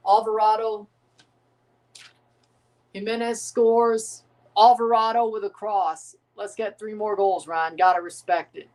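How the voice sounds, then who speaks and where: A young man hosting a live football watchalong, calling goals with excitement and dropping into low mumbled asides between plays. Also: unhurried. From United States. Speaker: livestream watchalong host. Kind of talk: live football reaction commentary.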